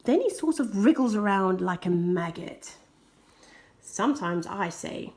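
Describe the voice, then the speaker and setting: A woman reading a children's picture book aloud, expressive, with soft whispered asides. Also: mid-range voice, a little slow. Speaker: storybook reader.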